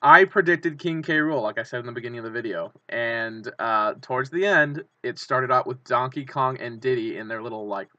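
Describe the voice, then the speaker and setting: A man's voice: medium pitch, fairly quick, few pauses, bright, forceful tone, no room sound, highs cut off. A man hosting his own channel, rambling with enthusiasm in fan commentary full of fillers and restarts. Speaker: channel host.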